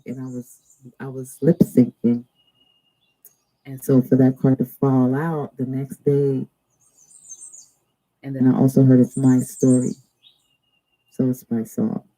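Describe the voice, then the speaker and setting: Woman tarot reader hosting a live stream, very dark mellow tone, slow drawn-out card messages with chatty asides. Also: rumbling low, poor audio. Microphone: two cameras.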